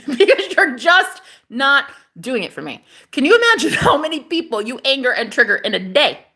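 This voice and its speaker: Very animated and high-pitched, with a pushed, bright sound at normal speed, this spiritual vlogger talks casually to camera. She's sassy and profane, calling viewers honey and repeating phrases for emphasis.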